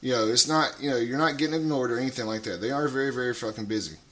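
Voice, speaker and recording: A man talking casually on a radio show, rambling, swearing a lot and getting loud. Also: mid-range voice, rapid-fire.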